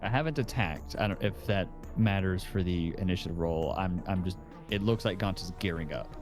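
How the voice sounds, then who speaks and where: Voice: low-pitched, fairly quick, darkish tone, soft background music. A player at a tabletop game, chatting in a rambling way about the turn order. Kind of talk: casual chat at a tabletop game.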